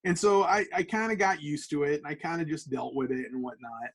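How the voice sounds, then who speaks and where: Casting note: man guest on a podcast, chatty animated storyteller, restarts a lot, voice pitched a bit high. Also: a little fast, vocal fry, slightly rough, rough recording. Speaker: comic book artist guest.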